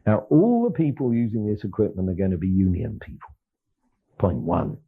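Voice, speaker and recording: A man's voice: on the low side, sing-song, moderate pace, gravelly, husky. An older man giving a lecture, telling stories animatedly, acting out dialogue and often laughing. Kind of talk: lecture with storytelling. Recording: lo-fi, phone-like archival tape.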